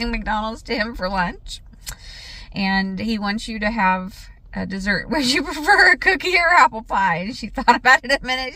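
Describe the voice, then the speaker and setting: A woman's voice: mid-range voice, gravelly, sharp tone. A woman vlogging in a chatty storytelling way, laughing often and acting out what was said. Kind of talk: casual vlog chat.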